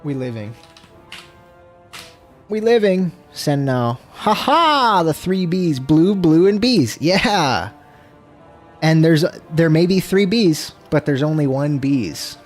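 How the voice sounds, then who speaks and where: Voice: medium pitch, animated, takes it slowly, faint music behind. A streamer chatting casually with viewers during a gameplay livestream, swearing freely and breaking into frustrated outbursts. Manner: laid-back, talks to chat.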